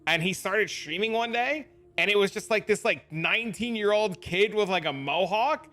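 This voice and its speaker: A man's voice: sits high, normal speed. A young man chatting casually on a game stream, telling stories with a lot of energy and swearing offhandedly. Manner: animated storytelling, laughs often, swears casually.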